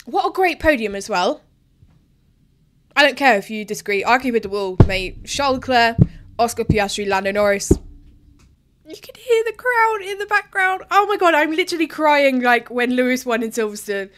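Excitable woman reacting live. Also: fairly high pitch, moderate pace. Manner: excitable, emotional, chatty. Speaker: vlogger reacting to a race.

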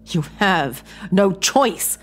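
A woman's voice: medium pitch, lively intonation, drawn-out words, pitched above the performer's own voice. A woman voicing an angry, contemptuous wealthy man in a horror story, harsh and snapping.

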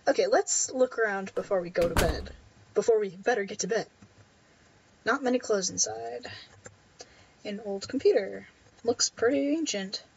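A woman's voice: mid-range voice, normal speed, vocal fry, long pauses, lo-fi sound, a little hiss or hum. A woman playing a game and chatting through it, wryly reading the on-screen text aloud. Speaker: let's play gamer. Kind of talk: casual gameplay commentary.

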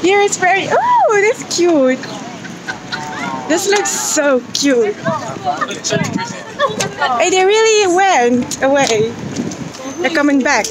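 A woman's voice: high-pitched, animated, slow pace, long pauses, over a noisy crowd, poor audio. A young woman with a Dutch accent chatting playfully in a casual travel vlog, giggling and slipping into Dutch. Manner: giggly, playful, switches between languages. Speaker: vlogger.

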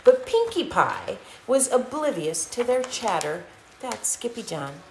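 A woman hosting a livestream, reading a children's picture book with an animated, sing-song manner. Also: on the high side, a little slow, reverberant, background noise. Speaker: host.

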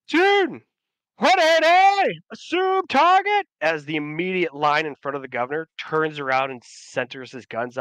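A man's voice: mid-range voice, fairly bright tone, no room sound. A man narrating a tabletop game as game master, rambling with many fillers and restarts.

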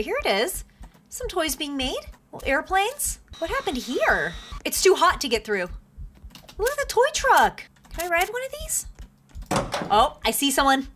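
Bubbly high-voiced woman gaming host. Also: noisy background. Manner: bubbly, gasping, squealing reactions. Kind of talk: excited gameplay commentary.

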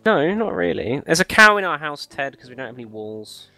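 A man co-hosts a casual Minecraft let's-play, teasing his friend with mock insults in easygoing gaming chat. His fairly high voice swings widely in pitch and sounds brisk, pushed, and bright, with soft music playing in the background.

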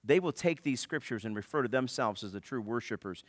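A man's voice: mid-range voice, lively intonation, a little fast, no room sound. A man preaching a sermon as pastor, in a joking, conversational manner. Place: church.

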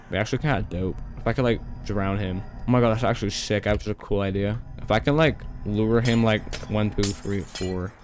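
Here a gaming YouTuber, a young man whose voice sits fairly low and stays steady, gives laid-back let's-play commentary on a horror title. He chatters in slang, talks back to the creatures, and yelps and rushes once he's startled.

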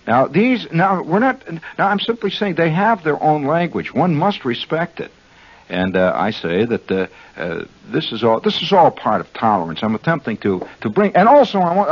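A man's voice: mid-range voice, breathy edge. Wry rambling man on lo-fi radio. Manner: wry, rambling, mock-earnest. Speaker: radio host. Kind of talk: improvised radio monologue. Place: radio studio. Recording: dull lo-fi 1969 radio broadcast.

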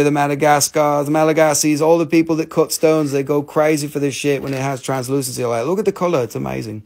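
A man's voice: medium pitch, vocal fry, darkish tone. A man hosting a casual live-stream crystal sale, joking and swearing freely as he shows the stones.

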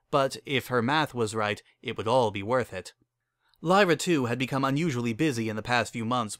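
A man narrating a story in an expressive dramatic reading. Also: medium pitch, dry recording, studio quality.

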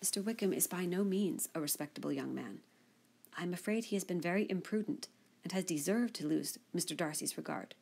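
Sweet gentle young woman, earnest, low gravelly tone, read by a woman for an audiobook. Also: brisk. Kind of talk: audiobook character reading.

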